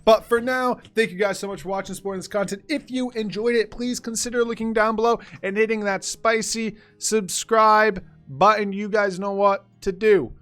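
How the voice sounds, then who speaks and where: A young man with a fairly high voice tells a story casually over gameplay, animated and laughing as he goes. His pace swings between rushed and drawn out. Faint game music plays behind him. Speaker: gaming YouTuber.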